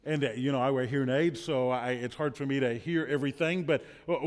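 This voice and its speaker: A man's voice: medium pitch, steady tone, fairly quick. A man preaching a sermon as pastor, telling stories earnestly and repeating words when he presses a point. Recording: long hall reverb.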